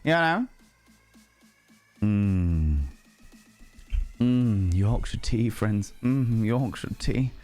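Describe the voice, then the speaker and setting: A man's voice: fairly low pitch, lively intonation, extremely slow, pauses often, darkish tone, faint music behind. A man streaming a game live, ill with a cold, chatting to viewers in a playful, sing-song, flamboyant way. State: sick with a cold.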